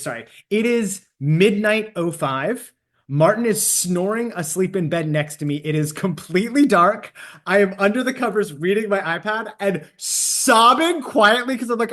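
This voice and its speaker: A man co-hosting a casual book podcast, theatrical and profane, with quick swings in pitch. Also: a bit bright. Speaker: podcast co-host. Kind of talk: casual book-club chat.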